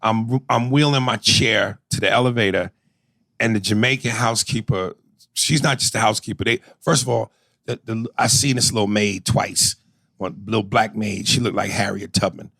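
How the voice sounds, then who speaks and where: A man's voice: lowish voice, moderate pace, creaky, dry recording. A man co-hosting a podcast, telling loose, profane stories in casual chat. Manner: profane, animated storytelling with impressions. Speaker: podcast co-host.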